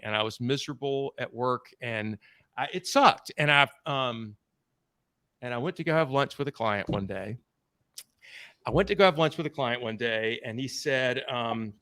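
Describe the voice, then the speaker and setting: A man talks through his own stories as a podcast guest, candid and blunt, swearing now and then. His voice is bright and forceful. The sound is dry, with no room around it. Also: mid-range voice, no echo. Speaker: podcast guest, sales trainer. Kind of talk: conversational storytelling interview.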